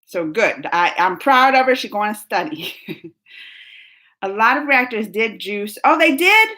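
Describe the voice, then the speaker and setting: A woman hosting a live movie chat, talking in a rambling, animated way with lots of fillers and laughs. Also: medium pitch, unhurried. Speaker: host of a movie reaction livestream. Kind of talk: casual livestream chat.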